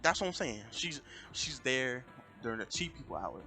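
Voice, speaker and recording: Young american streamer rambling thru a story, keeps repeating himself, music loud-ish behind. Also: male voice, mid-range voice, very animated, moderate pace. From United States. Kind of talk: casual storytelling.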